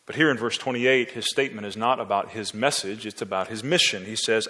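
A man's voice: on the low side, fairly quick. Preaching man in a reverberant hall. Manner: expository preaching, rising to forceful emphasis. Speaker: pastor. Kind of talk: sermon.

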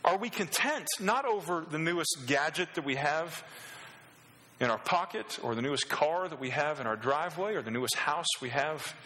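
A man's voice: a little high, lively intonation, normal speed, pushed and bright. A middle-aged male pastor preaching a sermon, passionate, asking the congregation rhetorical questions and pushing his voice up on key phrases. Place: church hall. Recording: echoey church hall.

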